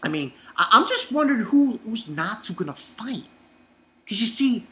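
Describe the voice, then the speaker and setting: Male reviewer, bright tone, casual and profane, rambles and chuckles. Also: high voice, big pitch swings, normal speed. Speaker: anime episode reviewer.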